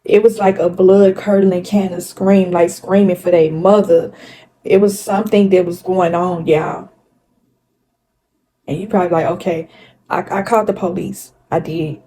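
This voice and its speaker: A woman's voice: on the low side, fairly even intonation, normal speed, mellow, poor audio. A woman vlogger telling a personal story to her viewers in an earnest, repetitive way, often turning to address them directly. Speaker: spirituality vlogger. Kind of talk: casual storytelling to camera.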